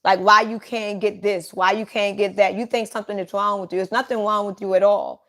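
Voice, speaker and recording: A woman's voice: mid-range voice, steady tone, a little fast, a bit bright. A woman giving a psychic reading straight to one listener, blunt and repetitive, with casual swearing. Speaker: psychic reader.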